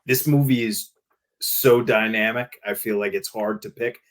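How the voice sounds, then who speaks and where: A man appearing as a podcast guest, chatting in a relaxed way with lots of fillers. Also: fairly low pitch, unhurried. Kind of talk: casual chat.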